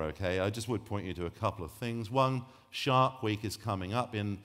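A man giving a public science talk on sharks, rambling and joking, often breaking off mid-sentence. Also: fairly low pitch. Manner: rambling, jokey, self-interrupting. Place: lecture hall. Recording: long hall reverb.

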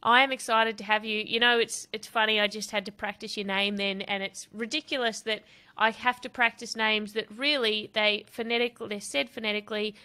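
A woman hosts a podcast in a casual interview chat, her mid-range voice fairly even in intonation, fairly quick, bright and forceful. She's chatty and self-deprecating, laughing at herself often.

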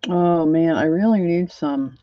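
A woman hosts a crafting livestream at a slow, easygoing pace, thinking aloud and drifting off mid-sentence as she works. Her voice comes through a slightly muffled, lo-fi recording. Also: deep voice, dry recording. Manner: rambling, thinks aloud while working, trails off. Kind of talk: casual crafting tutorial.

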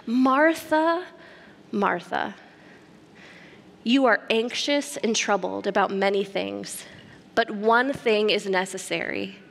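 A woman preacher voicing a calm male teacher who corrects someone softly and gently, in a lowered voice. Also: gravelly, in a large hall.

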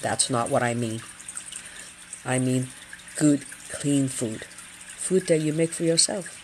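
A woman's voice: very deep voice, takes it slowly, a little hiss or hum. A middle-aged woman hosting a casual feng shui livestream, talking earnestly and chattily and often repeating her phrases.

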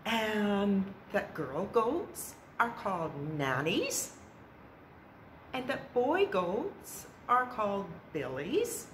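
A woman presenting a library storytime, telling a folk tale to young children in a slow, expressive way. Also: mid-range voice. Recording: roomy echo with faint background noise.

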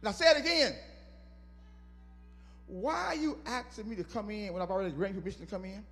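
A male pastor with a strikingly high voice, preaching and prodding his congregation to answer back. His words ring through a reverberant church hall while soft instrumental music sits underneath. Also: a little fast. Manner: call-and-response preaching, teasing the congregation. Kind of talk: sermon. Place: church sanctuary.

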